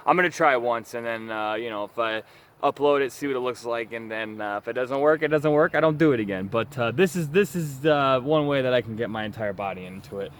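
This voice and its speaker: A man's voice: mid-range voice, brisk, fairly bright tone, a little hiss or hum. A man talking casually to a camera in an outdoor backyard gym, rambling and self-deprecating about his homemade workout gear. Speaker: home workout vlogger.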